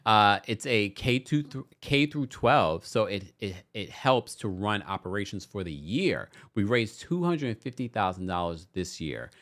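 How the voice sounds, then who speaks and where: Animated man hosting a casual livestream. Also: on the low side, unhurried, hardly any pauses. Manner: animated, playful, reads viewer comments aloud. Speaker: host of a live recap show.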